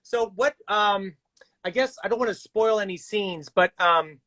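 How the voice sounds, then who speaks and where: A fairly high-pitched man chats casually on a live stream from his home, speaking into a phone. He sounds upbeat and laughs often as he reads viewer comments aloud. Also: a little slow, sharp tone. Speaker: live stream host and actor.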